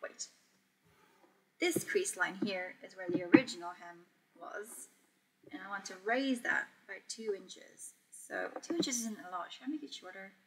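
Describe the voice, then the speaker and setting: A woman's voice: mid-range voice, expressive, a little slow, slight background noise. A young woman hosting a casual sewing livestream, chatting easily, reading out comments and laughing often as she works. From Portugal. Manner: chatty, reads chat aloud, laughs often. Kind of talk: casual live-stream chat while sewing.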